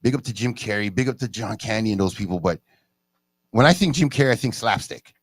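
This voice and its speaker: A man in casual chat who tells stories animatedly, jumping up in pitch when he quotes people. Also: quick pace, no echo. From Canada. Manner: animated storyteller, jumps high in pitch for quoted speech.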